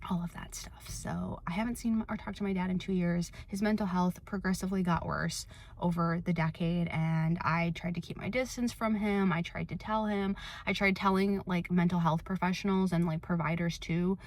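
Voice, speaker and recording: A woman's voice: lowish voice, fairly even intonation, normal speed. A young woman vlogging in a candid, reflective way, with many filler words. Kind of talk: personal confessional vlog.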